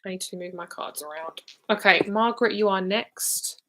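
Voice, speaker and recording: A woman's voice: mid-range voice, normal speed, fairly bright tone, a little hiss or hum. A young woman giving live tarot and psychic readings. She talks in a casual, rambling way, often says "like" and swears now and then. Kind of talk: live-streamed card reading.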